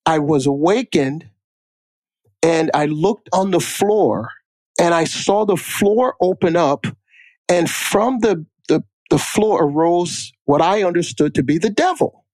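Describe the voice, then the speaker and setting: A man's voice: fairly high pitch, expressive, slow pace, darkish tone, no room sound. A man co-hosting a podcast, telling personal stories emphatically and repeating lines for effect. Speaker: podcast co-host. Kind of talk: casual chat.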